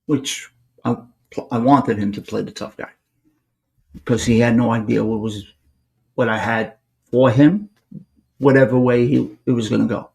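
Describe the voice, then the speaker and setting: A man's voice: mid-range voice, fairly even intonation, moderate pace, creaky, long pauses, a little mellow. A man, hosting a podcast and animatedly telling a personal story, acting out the dialogue. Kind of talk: casual storytelling.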